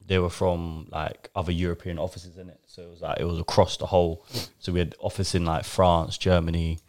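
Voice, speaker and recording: A young man, co-hosting a casual chat and telling a story with lively imitations of his friends. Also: low-pitched, brisk. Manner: animated storyteller, acts out friends' lines. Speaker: podcast co-host.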